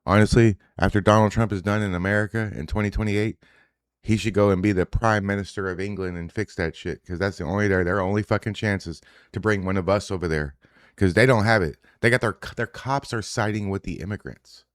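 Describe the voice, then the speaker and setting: A man with a very low voice talks bluntly and swears freely as he reacts to posts. He rambles and restarts his sentences. The sound is dry and close, with no room around it. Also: fairly quick, no room sound. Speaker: show host reacting to social media posts. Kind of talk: casual live reaction commentary.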